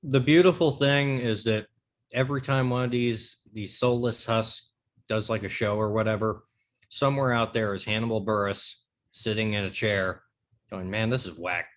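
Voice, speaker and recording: A young man in casual comedic chat, laid-back, halting with fillers and heavy swearing. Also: on the low side, fairly even intonation.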